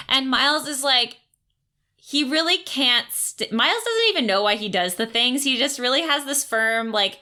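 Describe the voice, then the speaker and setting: A woman co-hosts a casual book podcast, her voice bright and slightly high. She retells scenes with animated energy, acting out characters' lines and filling her talk with "like". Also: normal speed. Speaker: podcast co-host. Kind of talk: casual book-discussion chat.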